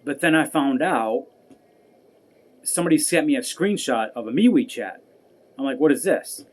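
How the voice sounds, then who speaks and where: A man's voice: mid-range voice, animated, normal speed. A man vlogging an angry personal rant, profane and heated, repeating himself as he goes. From United States.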